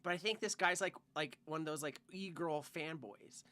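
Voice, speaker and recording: A man's voice: on the high side, normal speed, pushed and bright. A young man co-hosting a podcast, telling a rambling work story full of "like" and swearing in casual chat. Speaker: podcast co-host.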